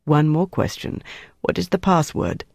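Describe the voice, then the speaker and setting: A reader doing a coolly menacing German officer. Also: male voice, fairly high pitch, steady tone, measured pace, creaky, darkish tone, no echo, studio quality. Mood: cold, measured. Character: cold, calculating German officer interrogating a prisoner.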